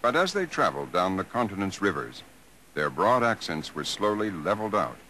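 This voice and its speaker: A man narrating a 1980s broadcast documentary in a measured, polished delivery. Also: low voice, very animated, bright, forceful tone, slight background noise, low-quality recording.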